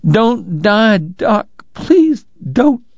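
A man voicing a tearful young woman who pleads and turns bitter, in a raised, higher voice. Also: little pitch movement, unhurried, a little mellow, dry recording, muffled recording. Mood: pleading.

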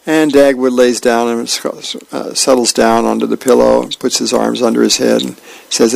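A man reading a newspaper aloud as a volunteer reader, friendly and unhurried, with small slips he corrects. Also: mid-range voice, little pitch movement, vocal fry, no echo, poor audio.

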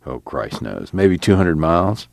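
A man's voice: low-pitched, very animated, measured pace, creaky, dry recording, clean studio sound, full character voice. A man voicing a weary drifter who talks in a plain, blunt rural drawl.

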